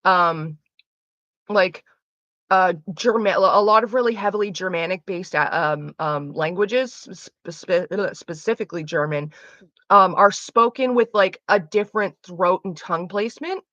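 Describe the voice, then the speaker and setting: A woman's voice: fairly low pitch, unhurried, a bit bright, no echo. A young woman chatting casually on a livestream, rambling with lots of fillers, restarts and casual swearing. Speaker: streamer. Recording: dull lo-fi dry sound.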